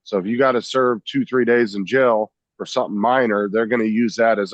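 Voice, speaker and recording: A man's voice: on the low side, steady tone, brisk, no room sound. A man in a casual studio chat, giving blunt opinions and swearing freely. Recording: dry, dull lo-fi sound.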